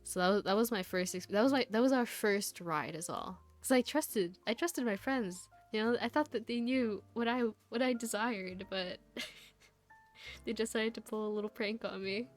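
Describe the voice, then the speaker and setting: A woman's voice: medium pitch, moderate pace, faint music behind. A woman VTuber chatting casually to her stream viewers, rambling through a story with lots of laughs and fillers.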